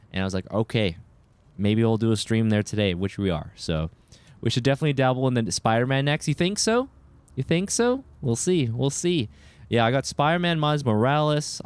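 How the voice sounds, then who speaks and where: A man's voice: fairly low pitch, clean tone, no room sound. Sex: male. Style: upbeat live-stream chat. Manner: upbeat, greets chatters by name, chatty asides. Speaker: game streamer.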